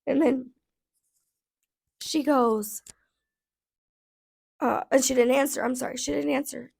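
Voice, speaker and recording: A woman in her thirties telling a casual storytime rant, blunt and profane, her voice going hoarse, with lots of "like" fillers. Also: high voice, steady tone, slow, darkish tone. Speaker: vlogger.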